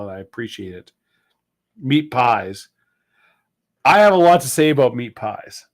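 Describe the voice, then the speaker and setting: A man co-hosting a live stream, chatting casually and rambling through jokes and food talk. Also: medium pitch. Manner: rambling, jokey, drawn-out. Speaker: co-host.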